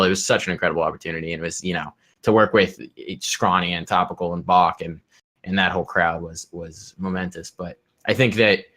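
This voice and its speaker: Low-voiced man chatting loosely. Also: fairly bright tone. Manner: loose, rambling, trails off and restarts. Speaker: podcast co-host. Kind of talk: casual podcast chat.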